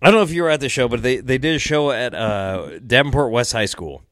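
A man's voice: mid-range voice, expressive, fast, fairly bright tone, dry recording, clean studio sound. A man chatting as a guest on a casual podcast, rambling, laughing often and swearing freely.

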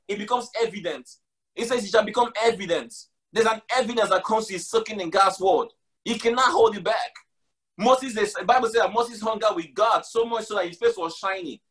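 A man with a high, bright-sounding voice preaches a sermon. He drives his points home by repeating them, and he slips casual slang in between scripture quotes. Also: a little fast, husky. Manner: emphatic, repeats lines for stress.

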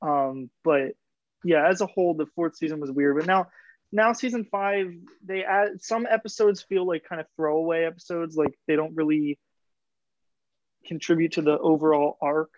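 A young man co-hosting a casual podcast, ribbing his friends in quick back-and-forth. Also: a little high, fairly even intonation, a little mellow, no room sound. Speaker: podcast co-host. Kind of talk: casual chat. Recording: dull dry podcast mic.

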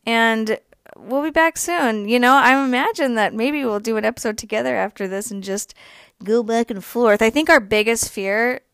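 A woman's voice: fairly high pitch, moderate pace, fairly bright tone, smooth, no room sound. A young woman co-hosting a podcast, ranting emphatically in a heated personal monologue, swearing freely. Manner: emphatic, swears freely, laughs between points. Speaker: podcast co-host.

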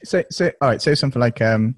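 A man's voice: mid-range voice, fast, no room sound, studio quality. Teasing male podcast host. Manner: teasing, excitable. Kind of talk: casual chat.

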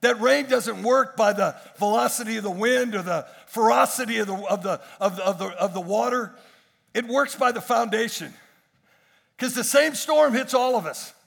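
A man's voice: very high-pitched, normal speed, gravelly, a bit bright. A male pastor preaching a sermon with emphatic, repeated phrases.

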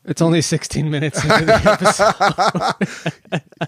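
Gravelly, rambling podcast co-host man. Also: high voice, unhurried, fairly bright tone, dry recording, studio quality. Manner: rambling, casual swearing, joking asides. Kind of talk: casual chat.

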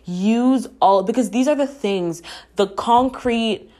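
A woman's voice: a little high, slow pace, dark tone. A woman hosting a podcast, giving an earnest, encouraging monologue with candid talk and frequent swearing. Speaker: podcast host. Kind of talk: casual reflective monologue.

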